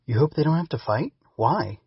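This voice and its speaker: Man doing pushy young female bug creature, storybook read, gravelly husky tone, dull lo-fi recording. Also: fairly high pitch, animated, normal speed, no room sound, voice pushed up, exaggerated voice. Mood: arguing. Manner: pushy, insistent questioning. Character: young female growbug, eager, argumentative.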